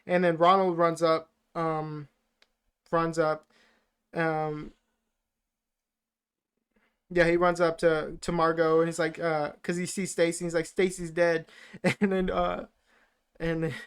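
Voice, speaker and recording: Rambling man with a smooth voice. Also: fairly high pitch, little pitch movement, takes it slowly, pauses often, a bit bright. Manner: rambling, lots of fillers and swearing. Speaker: podcast co-host. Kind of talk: casual chat recapping a film.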